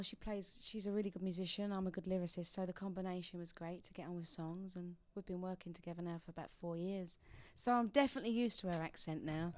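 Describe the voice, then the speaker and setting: Chatty young woman, smooth and dry. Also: medium pitch, a little mellow, dry recording. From England. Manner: chatty, laughs often, with restarts. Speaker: interview guest, singer. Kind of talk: casual radio interview. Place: radio studio.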